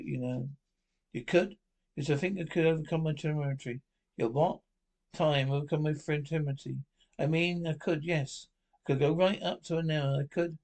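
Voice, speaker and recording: A man reading a comedy film script aloud, voicing several characters in quick back-and-forth exchanges. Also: on the high side, vocal fry, a little mellow.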